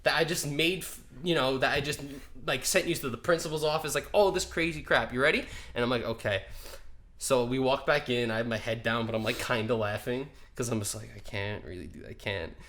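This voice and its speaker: A young man telling a school story on a casual podcast, animated and laughing as he acts out the people in it. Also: mid-range voice, a little fast. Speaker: podcast co-host.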